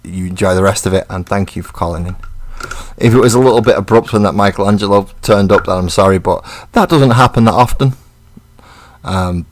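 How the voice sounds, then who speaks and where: A man with a somewhat low voice talks casually on his live stream while painting. His manner is easygoing and rambling, and he turns blunt when trolls show up. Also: brisk.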